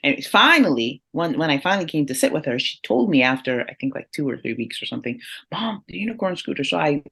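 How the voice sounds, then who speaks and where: A woman's voice: low voice, fast talker, gravelly, slightly rough. A woman who is a guest speaker on parenting, telling a family story in conversation, laughing often and speaking directly to listeners. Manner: animated, laughs often while telling stories.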